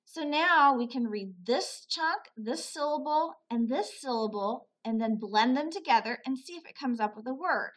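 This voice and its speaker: A woman teaching a phonics lesson to children, sounding out words slowly, repeating them and praising often. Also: sits high, animated, fairly bright tone. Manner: slow, patient, repeats words aloud for pupils; praises often, asks questions and answers them.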